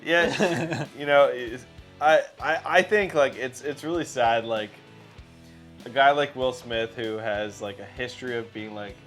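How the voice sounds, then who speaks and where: Canadian guy on a reaction vid, slow, lots of likes and ums, bit of music in back. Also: medium pitch, fairly bright tone. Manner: halting, hesitant, lots of fillers. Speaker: reaction video host. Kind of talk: casual reaction commentary.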